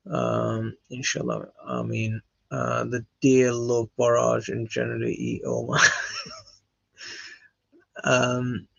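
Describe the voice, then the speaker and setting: A man hosts a relaxed question-and-answer chat. His voice is gravelly and slightly husky, and he stops often to fill gaps as he reads out comments. The sound is dry and a little dull. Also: mid-range voice, no echo. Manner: halting, reading out comments with many fillers. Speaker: channel host answering viewer questions. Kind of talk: casual live Q&A chat.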